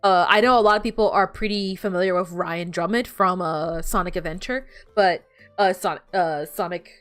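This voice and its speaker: A woman's voice: on the high side, fairly bright tone. A young woman streaming a game, chatting casually, laughing often and swearing as she tells stories. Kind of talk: casual gameplay chat. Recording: faint background music.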